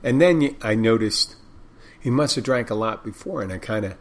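A man's voice: lowish voice, expressive, normal speed. An older man, a bartender, telling a story in a rambling, frank way, full of restarts and blunt words. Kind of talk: casual storytelling monologue.

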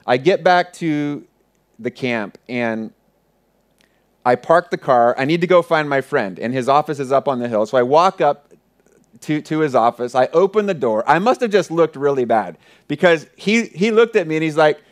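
A pastor preaching, retelling a personal story earnestly and often dropping to a hushed voice. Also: male voice, on the high side, animated, normal speed. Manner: earnest, vivid retelling with many soft hushed passages. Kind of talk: sermon storytelling.

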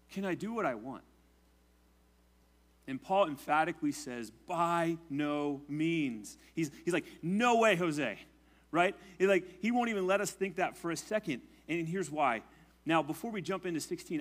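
Male pastor, slightly high voice; relaxed, conversational sermon delivery. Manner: conversational preaching, often adding "right?"; prays in a low, hushed voice.

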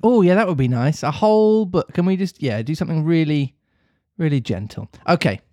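A man with a fairly high voice reads a storybook aloud and chats between passages, animated and self-mocking. The recording is dry and close, with no room sound. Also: brisk, no echo. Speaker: podcast host, reader. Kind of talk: storybook reading and casual chat.

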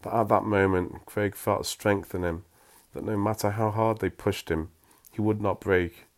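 A very deep-voiced man reads a story aloud. He drops into dry, self-mocking asides between passages. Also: steady tone, unhurried.

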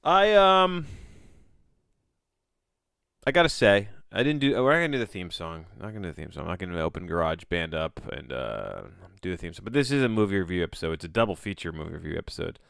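On a home mic with clean studio sound and no echo, a man hosts his own solo podcast in a rapid-fire, animated monologue. His low, fairly bright voice carries vocal fry and hardly any pauses. He rambles offhandedly and often breaks off mid-sentence.

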